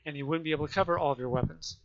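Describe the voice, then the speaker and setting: A man with the hiccups explaining gameplay in a rambling, halting way, often restarting and correcting himself. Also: fairly high pitch, gravelly. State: has the hiccups. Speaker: gaming video creator. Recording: muffled lo-fi mic.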